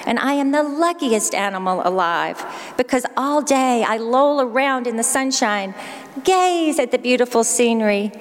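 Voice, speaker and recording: Woman doing a proud gentle giraffe, a bit lower, slow, echoey church. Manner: kindly, boastful. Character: tall kindly male giraffe.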